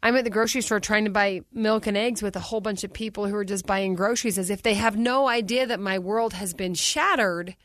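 A woman's voice: mid-range voice, brisk, hardly any pauses, fairly bright tone, no echo. A woman in her forties hosting a podcast in a studio, telling stories candidly and expressively. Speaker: podcast host. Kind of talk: podcast conversation. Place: recording studio.

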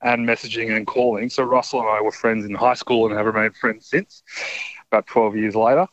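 A man's voice: fairly low pitch, fairly even intonation, brisk, a bit bright. Male caller, hesitant storyteller, muffled lo-fi line. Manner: hesitant, many ums. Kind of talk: casual storytelling.

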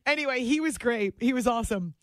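Woman radio host, lively chatty storytelling, studio mic, very dry sound. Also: on the high side, quick pace, dry recording. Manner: lively, chatty storyteller who laughs often. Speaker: late-night sports radio host.

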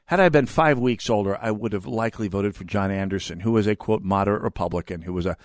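A man in his fifties hosts a talk radio show, speaking fast in a lowish voice on a dry, clean studio recording. His opinionated monologue rambles off on tangents, and he restarts his words.

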